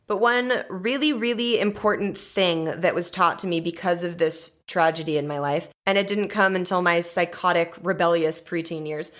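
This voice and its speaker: A woman in her thirties from the United States, hosting a podcast and telling a personal story in a candid, profane way, with frequent soft laughs. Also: fairly low pitch. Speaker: podcast host.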